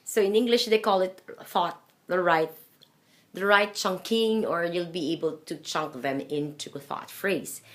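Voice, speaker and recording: A woman with a Filipino accent teaching English pronunciation, slowly and deliberately demonstrating sounds with repeated examples. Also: lowish voice. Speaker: English fluency trainer. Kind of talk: pronunciation lesson.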